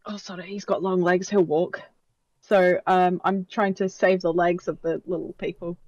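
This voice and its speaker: A woman playing a tabletop game, describing her horse character quickly and animatedly, with sound effects. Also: lowish voice, fairly even intonation, darkish tone, no echo, muffled recording. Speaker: player.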